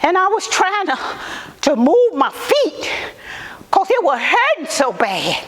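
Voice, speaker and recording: Woman as a civil rights activist, high-pitched, slow, halting, repeats words. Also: wildly swooping pitch, fairly bright tone, exaggerated voice. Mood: anguished. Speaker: actor in museum portrayal. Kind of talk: first-person historical monologue. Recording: echoey hall reverb.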